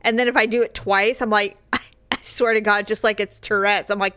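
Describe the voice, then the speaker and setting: A middle-aged woman co-hosting a podcast, chatting casually and acting out quoted voices in an animated way. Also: medium pitch, fairly quick, no room sound. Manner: animated storyteller, acts out quoted voices with big jumps. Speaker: podcast co-host. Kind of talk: casual chat.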